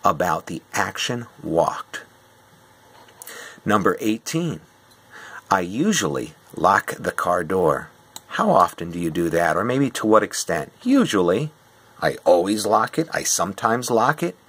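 Male teacher, middle-aged, slow, patient, low voice, lively pitch. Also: breathy edge. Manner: slow and patient, explaining step by step. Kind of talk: classroom quiz review.

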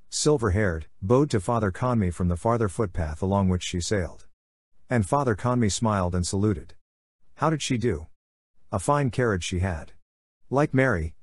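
A man with a fairly low voice reads a novel aloud in a measured, unhurried way. The sound is dry and close, with no room around it. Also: darkish tone, no room sound. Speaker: audiobook narrator. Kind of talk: scripted literary narration.

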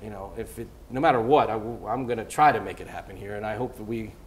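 A man, a venture capitalist guest on stage, speaking in an animated, rambling way full of fillers and restarts. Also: lowish voice, fast, a little hiss or hum. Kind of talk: onstage interview. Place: event hall before a live audience.

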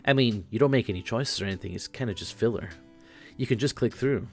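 A man's voice: on the low side, quick pace, faint music behind, natural voice. A man doing a rambling, laid-back floating guide boy.

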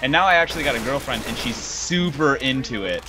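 A man's voice: mid-range voice, animated, brisk. A man chatting hesitantly with fillers while playing a co-op game. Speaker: gamer playing co-op. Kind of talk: casual gaming chat.

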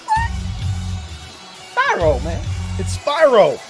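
A man giving excited, swearing play-by-play commentary on a wrestling match, shouting at the big moves. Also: extremely high pitch, takes it slowly, creaky, crowd noise. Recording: music playing behind the voice.

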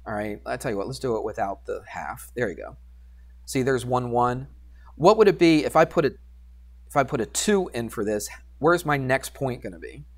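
A man teaching algebra to a class, animated and teasing, coaxing students with questions. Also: mid-range voice, normal speed. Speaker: high school math teacher. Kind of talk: classroom lecture.

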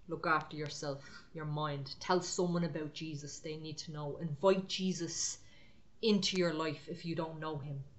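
A woman preaching an encouraging prophetic sermon to online viewers, talking in short, repeated exhortations. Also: fairly low pitch.

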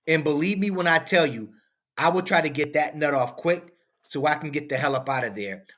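A man's voice: a little high, fairly quick, a bit bright. A man hosting a reaction commentary video, preaching and firing off rhetorical questions. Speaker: commentary channel host.

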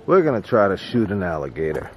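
A man's voice: low voice, sing-song, fast talker, slight background noise. A young man with a Boston accent, vlogging casually outdoors at a campground and archery range, chatty and joking with his viewers. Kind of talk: casual vlog to camera.

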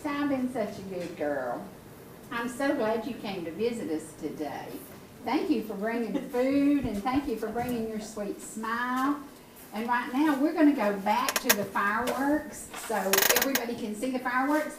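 High-voiced woman cooing in baby talk. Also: lively intonation, measured pace. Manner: sing-song baby talk, cooing and coaxing. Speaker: talk show host. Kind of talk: casual chat with a baby on air. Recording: echoey, distant mic with background noise.

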